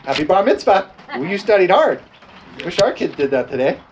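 A man's voice: high-pitched, very animated, moderate pace, slight background noise, low-quality recording. A man preaching a sermon and leading communion prayer, drawing out scripture words and calling for responses. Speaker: pastor.

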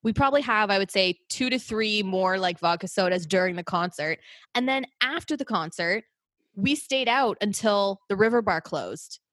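A woman's voice: mid-range voice, lively intonation, normal speed, fairly bright tone, no room sound. Chatty young woman telling rambling stories. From Canada. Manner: rambling storyteller, lots of fillers and restarts. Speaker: podcast host. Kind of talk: casual chat.

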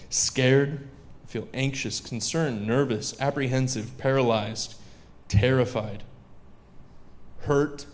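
A man's voice: mid-range voice, takes it slowly. A man giving a sermon in a conversational way, chatting and joking with a live audience.

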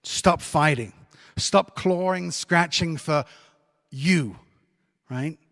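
A male pastor delivers a sermon in a lively, conversational way, dropping joking asides to the congregation. His voice sits fairly high for a man. The sound carries a long church reverb around it. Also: drawn-out words.

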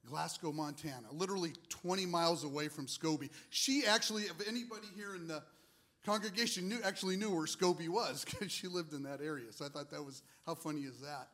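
A man's voice: a little high, brisk, fairly bright tone. A man, a ministry leader, sharing his testimony with a congregation in a casual, rambling way with many fillers.

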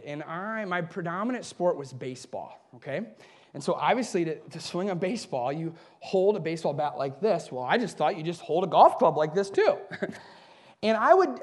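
A pastor preaches a sermon, swinging between loud, emphatic bursts and soft, low passages, and he chuckles at his own asides.

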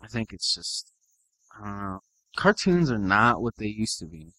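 A man's voice: fairly low pitch, sing-song, normal speed, sharp tone, no echo, poor audio. A playful young man chatting casually and laughing often. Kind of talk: casual chat.

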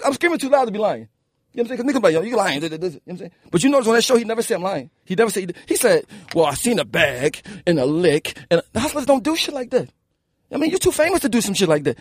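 Husky fast-talking Philly rapper, a man. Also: high voice, no room sound, studio quality. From Philadelphia. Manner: animated, profane, keeps asking "you know what I'm saying". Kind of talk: casual interview storytelling.

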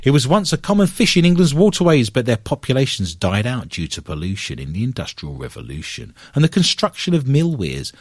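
Lively joking male podcast host. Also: mid-range voice, a little fast, hardly any pauses, husky, no room sound, studio quality. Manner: joking, laughs often, animated. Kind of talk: casual chat reading news stories.

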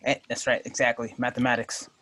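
A man's voice: mid-range voice, completely flat delivery, brisk, bright, forceful tone. A man hosting and moderating a casual group podcast, joking and laughing often.

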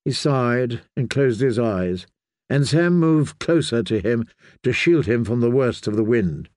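A man reading a fantasy audiobook in a measured, steady storytelling manner. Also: mid-range voice, dry recording, clean studio sound. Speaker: audiobook reader.

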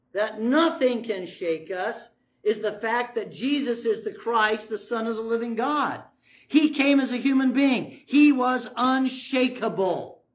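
Conversational preacher, lively sermon. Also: mid-range voice. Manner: conversational, asks the audience questions, retells stories with voices.

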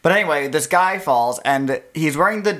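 A woman talks through a horror film with her co-host in loose, casual podcast banter. Her pitch moves a lot, rising and dipping as she talks. She laughs often and breaks off sentences to start them again. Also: normal speed. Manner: animated, laughs often, trails off with restarts. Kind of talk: casual movie recap chat.

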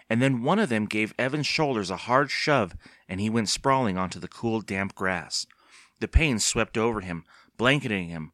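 A man narrating a children's horror book as an audiobook reader, steady and expressive. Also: on the low side, dry recording, clean studio sound. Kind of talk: scripted storybook narration.

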